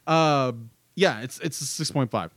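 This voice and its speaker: A man's voice: medium pitch, unhurried, a bit bright, no room sound, studio quality. A man co-hosting a casual movie review podcast, laid-back, with frequent laughter and short replies. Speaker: podcast co-host.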